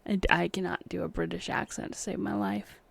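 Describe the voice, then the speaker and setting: A woman's voice: fairly low pitch, level tone, fairly quick, gravelly. A woman hosting a livestream, chatting casually and wryly with her viewers about an old film. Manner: chatty, wry, talks back to chat. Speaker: livestream host. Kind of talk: casual chat while watching a film.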